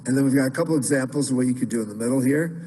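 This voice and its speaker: A man's voice: mid-range voice, rapid-fire, mellow, slightly rough, big-room sound, rough recording. A man teaching Byzantine chant in an online class, explaining casually with many fillers and restarts.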